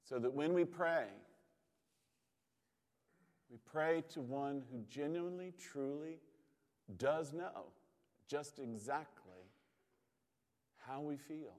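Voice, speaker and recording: Slow, measured pastor in an echoing hall. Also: male voice, a little high, darkish tone. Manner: measured, with long dramatic pauses. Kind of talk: sermon. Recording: long hall reverb.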